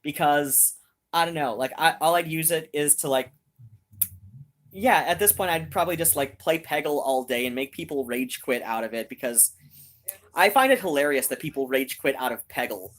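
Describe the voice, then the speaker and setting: A woman with a slightly low voice hosts a casual live stream. She rambles through a story, circling back with fillers and restarts. She talks directly to the viewers watching in chat. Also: moderate pace.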